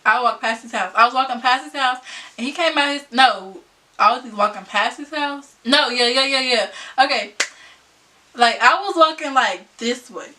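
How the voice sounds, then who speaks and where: High bright young woman vlogger. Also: normal speed, recorded from a distance. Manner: animated, laughing often, slangy and conversational. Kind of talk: casual storytime.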